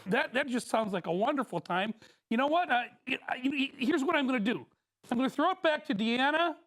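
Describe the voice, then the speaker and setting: Actress as a bumbling anchor, fairly high, word-repeating. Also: female voice, expressive, brisk. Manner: stammering, repeats words. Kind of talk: improv comedy scene.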